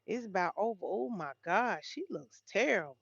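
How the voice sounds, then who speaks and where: A woman's voice: medium pitch, expressive, normal speed, gravelly, breathy edge, no echo. Woman livestream host, chatty, talks straight to her viewers, dull dry lo-fi sound. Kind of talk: casual livestream chat reading headlines.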